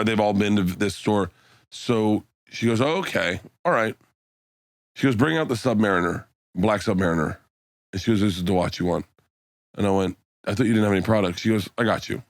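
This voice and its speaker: A man's voice: lowish voice, normal speed, no echo, clean studio sound. A middle-aged man, a comedian guest on a podcast, telling a rambling, profane story and acting out the other people in it. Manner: rambling anecdote, acts out quoted dialogue, swears freely.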